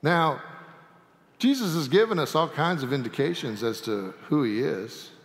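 A man preaching from the pulpit in a folksy, animated way, dropping playful asides. His voice sits a little high for a man, and it rings out with the long reverb of a church sanctuary. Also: moderate pace. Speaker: pastor. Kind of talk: sermon.

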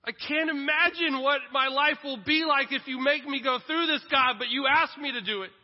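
A man's voice: very high voice, normal speed, voice pushed up. An anguished aged father pleads with God in a strained, raised voice, as a preacher acts him out during a sermon. The recording sounds dull and lo-fi, with a long echo from a large hall.

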